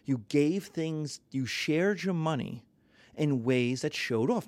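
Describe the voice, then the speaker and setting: A man lecturing on history in a lively, conversational way, sometimes acting out little voices. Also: medium pitch, measured pace, no echo.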